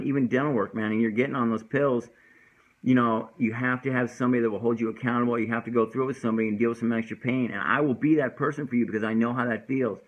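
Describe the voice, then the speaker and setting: A man's voice: mid-range voice, dull audio. Earnest rambling man. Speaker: host of a recovery talk show. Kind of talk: casual personal talk and poetry reading.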